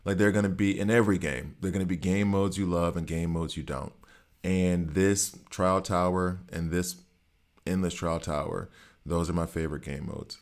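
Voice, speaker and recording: Deep-voiced man chatting on a game stream. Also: vocal fry. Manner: chatty, teasing chat readers, talks to viewers while playing. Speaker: gaming streamer. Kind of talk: casual live-stream chat.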